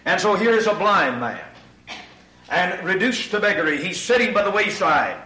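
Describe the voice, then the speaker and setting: Preacher echoing through a hall. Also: male voice, sits high, lively intonation, normal speed. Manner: builds to shouted emphasis, addresses crowd as ladies and gentlemen. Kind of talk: sermon. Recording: echoey hall, far from mic.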